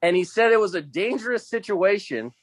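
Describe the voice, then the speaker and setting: High-voiced laid-back guy, dry sound. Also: lively intonation, fairly quick, no echo. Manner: laid-back, peppers talk with "dude" and "bro". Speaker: podcast guest, pro golfer. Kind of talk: casual storytelling.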